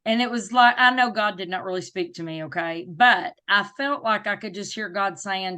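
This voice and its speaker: A middle-aged woman with a Southern US accent, a guest telling a personal story in an interview with emphatic, faith-filled warmth. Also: mid-range voice, moderate pace, hardly any pauses. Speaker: guest, disability advocate.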